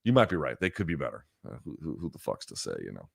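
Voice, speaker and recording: A man's voice: a bass voice, very animated, fast, vocal fry, no room sound, studio quality. A man hosting a live chat stream, answering viewer questions in heated, profane rants full of fillers and restarts. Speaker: live chat show host.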